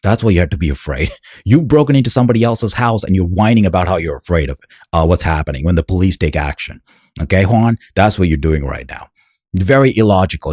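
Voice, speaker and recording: A man's voice: sits low, darkish tone, breathy edge, no room sound, clean studio sound. A man giving scornful commentary over news clips, talking back at the people on screen. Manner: sneering, scornful, talks back at the clip. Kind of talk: mocking video commentary.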